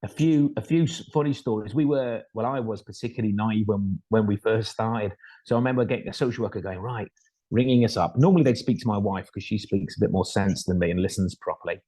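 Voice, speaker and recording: Middle-aged man, low husky voice, warm anecdotal storyteller. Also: quick pace, rough recording. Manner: self-deprecating anecdotal storytelling with voiced quotes. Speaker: foster carer. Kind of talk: storytelling talk. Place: kitchen at home.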